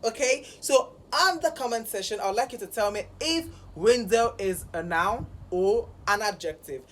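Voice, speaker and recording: A woman's voice: on the high side, animated, normal speed, low-quality recording. A woman elocution coach teaching a pronunciation lesson, repeating words with careful emphasis.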